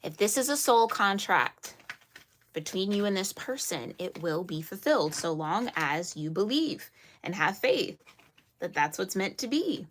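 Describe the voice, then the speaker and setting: A woman reads tarot cards aloud to her viewers in an earnest, emphatic way, with a middle-pitched voice. She scolds playfully, laughs often and repeats lines to reassure. A faint hiss sits under the recording. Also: animated, moderate pace, fairly bright tone. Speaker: tarot reader. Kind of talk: spoken tarot reading to viewers.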